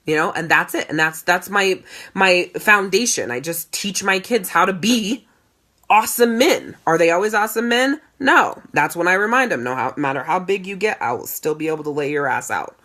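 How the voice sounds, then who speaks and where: A woman in her thirties, a coach talking in a casual monologue, blunt and emphatic, with lots of swearing and animated storytelling. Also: lowish voice, moderate pace. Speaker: life and sales coach.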